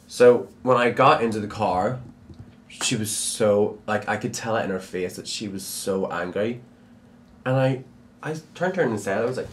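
A young man tells his life story to a documentary camera. His voice sits on the low side. He talks in halting stops and starts, repeating words and filling gaps with fillers. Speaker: drag performer.

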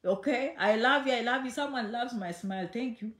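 A woman's voice: a little high, fairly quick, fairly bright tone. A woman hosting a casual livestream chat from home, chatty and affectionate, often checking in with okay. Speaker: social media host. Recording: echoey room.

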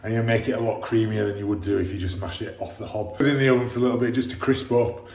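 A man's voice: on the low side, steady tone, racing, a little mellow, husky. A man, chatting to camera from his car in an upbeat, coach-like way. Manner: upbeat, motivational coaching talk. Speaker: vlogger and dad. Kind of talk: casual vlog chat to camera. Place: in a car on the school run.

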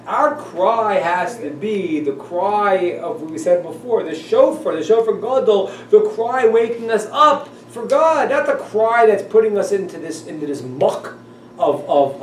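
A male rabbi teaching a class in an animated manner, acting out voices and laughing often. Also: high-pitched, measured pace. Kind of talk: class lecture. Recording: echoey room, voice from a distance, faint noise.

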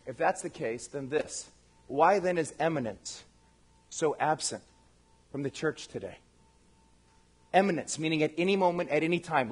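A man with a high voice preaches to his congregation in a relaxed, conversational way. He is animated and playfully acts out the people he quotes. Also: slightly rough. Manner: addresses the congregation directly. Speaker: pastor. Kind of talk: lively conversational sermon.

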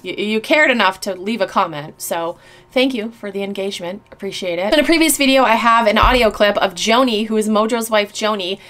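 A woman's voice: mid-range voice, fairly quick, fairly bright tone. Blunt, swearing woman vlogger. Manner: blunt, sarcastic, swears often. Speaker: YouTuber. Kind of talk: casual vlog reading comments.

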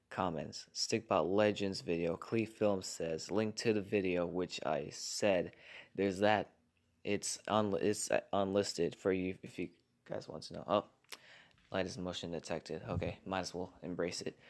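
A man reads viewer comments aloud in a casual vlog, keeping his voice low and hushed. His voice sits very low and has a gravelly fry. He is recording in his garage at home. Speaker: channel host reading viewer comments.

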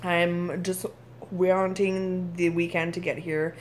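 A tired, irritable woman in her thirties from Canada speaks frankly into the camera for her video diary, her voice sitting a little low. She talks plainly and now and then lets a swear word slip. A faint hiss of noise runs under her voice. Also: flat delivery, slow. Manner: candid, frank, occasionally swears. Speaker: vlogger.

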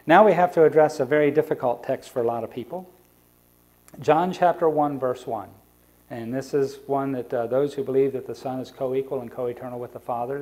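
Mellow-voiced male evangelist preaching. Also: mid-range voice. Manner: explanatory, asks the congregation rhetorical questions. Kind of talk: sermon.

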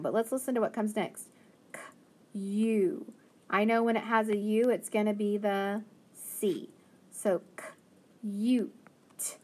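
A woman's voice: mid-range voice, a little mellow. A woman teacher giving a phonics lesson to young children, patiently sounding out each word. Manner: slow, patient, sounding out words.

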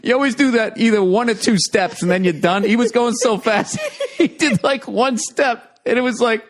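American man, high voice, podcast host, casual story, profane, laughing. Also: moderate pace. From United States. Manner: animated, profane, laughing often through the telling.

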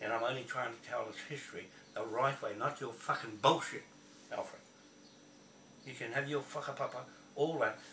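A man's voice: medium pitch, pushed and bright. Angry New man ranting, echoey. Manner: swearing, confrontational, repetitive. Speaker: video blogger. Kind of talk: angry rant to camera. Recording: echoey, from a distance, faint noise.

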